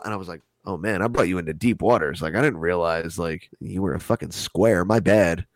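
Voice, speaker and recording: Casting: low-voiced male co-host, relaxed and profane storyteller, dry sound. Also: brisk, few pauses, dry recording. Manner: laid-back, profane, laughs while telling stories. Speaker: podcast co-host. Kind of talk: casual storytelling chat.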